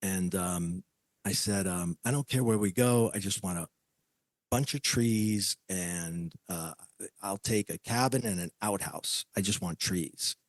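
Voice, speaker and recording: A man's voice: low-pitched, measured pace, no room sound. A man telling a personal story as a podcast guest, acting out the voices of the people he quotes.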